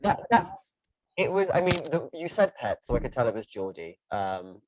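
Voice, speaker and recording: A male podcast host in a casual interview, speaking at an ordinary, mid-range pitch. He weighs his points earnestly and thoughtfully as he talks. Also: very animated, moderate pace, a loud crowd, rough recording.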